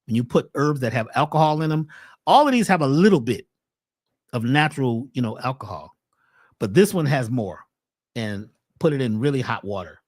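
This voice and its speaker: Male herbal health presenter, animated and preachy, with a lively mid-range voice. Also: mid-range voice, moderate pace. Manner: animated, preachy, full of rhetorical questions. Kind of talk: casual livestream health talk.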